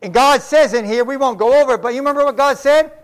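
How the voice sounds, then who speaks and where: Older guy preaching, kinda high voice, folksy storytelling sermon vibe. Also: fast. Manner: folksy, conversational preaching with homespun stories. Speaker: pastor.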